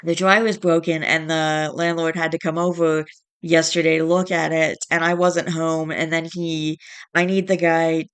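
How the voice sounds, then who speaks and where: A woman's voice: sits low, little pitch movement, moderate pace, clean tone. A woman vlogging in a casual chat, stressed and tired, fighting back yawns and restarting her sentences as she rambles.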